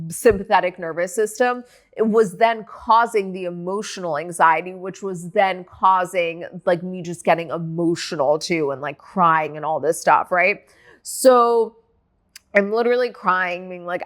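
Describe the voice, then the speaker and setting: A young woman hosting her own podcast, telling a personal story in a candid, animated way with frequent swearing and filler likes. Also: mid-range voice. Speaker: podcast host. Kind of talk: casual solo podcast chat.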